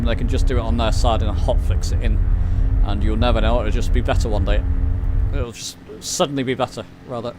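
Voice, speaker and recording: A man with an English accent giving casual live commentary while flying a simulator, chatty and self-deprecating as he answers his chat. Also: medium pitch. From England. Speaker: flight sim streamer.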